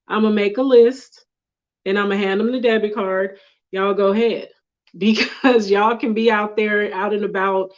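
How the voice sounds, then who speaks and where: A woman's voice: medium pitch, dull audio. A woman talking candidly in a casual group chat, laughing now and then. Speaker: guest.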